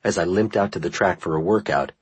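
Deep husky male memoir narrator. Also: a little fast, dry recording, rough recording. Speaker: audiobook narrator. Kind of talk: first-person memoir narration.

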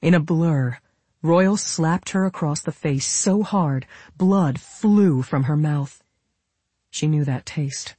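A narrator reading an audiobook with steady pacing. The voice is husky, mid-pitched, and recorded close and dry. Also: slow pace, dry recording. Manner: steady storytelling. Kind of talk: scripted narration.

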